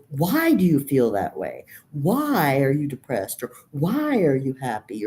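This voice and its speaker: A depressed, weary vlogger in her fifties speaks to her camera in a profane, rambling, bleak monologue. Her voice is extremely low-pitched with a darkish tone.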